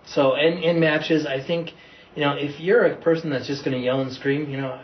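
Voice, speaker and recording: A man, a wrestling coach speaking calmly and in a measured way as a podcast guest. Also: fairly high pitch. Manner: calm, measured, relaxed. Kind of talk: casual podcast conversation. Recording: distant, dull, faint noise.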